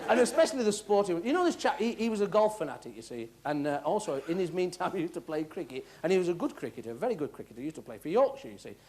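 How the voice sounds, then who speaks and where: Music hall comic. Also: male voice, high-pitched, sing-song, very fast, hardly any pauses, darkish tone. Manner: chatty joke-telling, laughs at own gags. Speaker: stand-up comedian. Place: theatre stage with live audience. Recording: live theatre audience, background noise.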